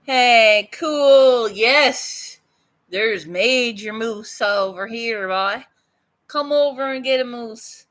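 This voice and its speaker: Speaking very slowly in a fairly bright voice on the high side, the Newfoundland artist vlogger chats live and casually with her viewers. Her Newfoundland English is blunt, and she swears freely and laughs often.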